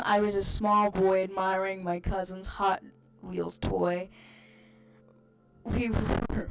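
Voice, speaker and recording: Giggly woman reading a rhyming post. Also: medium pitch. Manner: giggly, amused asides between lines. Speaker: channel host reading posts aloud.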